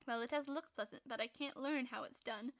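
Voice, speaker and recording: A woman voicing a frank, spirited young woman who scolds in a brisk, reproving way. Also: high voice.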